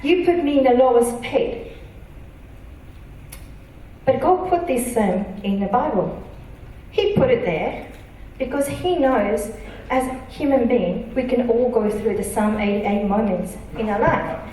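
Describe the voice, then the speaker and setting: A woman pastor preaching a sermon, earnest and emphatic, reading scripture slowly. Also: a little high, mellow, a little hiss or hum. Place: church auditorium. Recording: echoey church hall from a distance.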